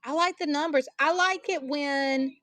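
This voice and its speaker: A woman's voice: sits high, measured pace, fairly bright tone, no room sound, soft background music. Chatty woman selling on a livestream. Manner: chatty, joking, folksy, addresses viewers as y'all. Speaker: live auction seller of collectible banknotes. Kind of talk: casual live-stream selling chat.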